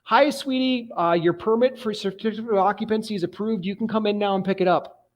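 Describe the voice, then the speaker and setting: Man playing a sweet phone clerk lady; high voice, soothing warmth. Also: fairly quick, close to an everyday voice. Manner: friendly, soothing.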